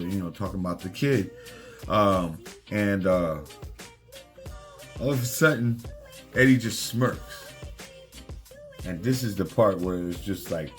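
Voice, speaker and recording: A man with a fairly low voice talks through a comic issue in a loose, excited way. He keeps slipping into the characters' lines as he retells each scene. Soft music plays underneath. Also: a little slow. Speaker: comic book reviewer. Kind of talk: casual comic recap.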